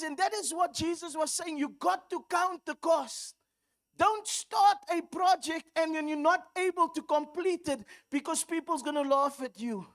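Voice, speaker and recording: A woman preacher with a South African accent, giving a sermon that moves from storytelling into fervent exhortation. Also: extremely high pitch.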